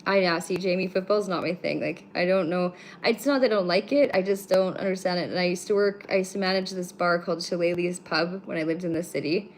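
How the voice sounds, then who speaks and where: A woman's voice: fairly low pitch, steady tone, a little fast, hardly any pauses, slight background noise. A woman from Canada hosting a casual livestream from her home, talking bluntly to her viewers, swearing freely and teasing the chat. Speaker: livestream host. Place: home room with pets.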